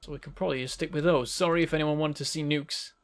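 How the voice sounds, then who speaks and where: A man from northern England with a softened northern English accent, rambling and chatty as he streams a game. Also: a little high, steady tone, fast. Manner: rambling, chatty, self-correcting. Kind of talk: casual live-stream game commentary.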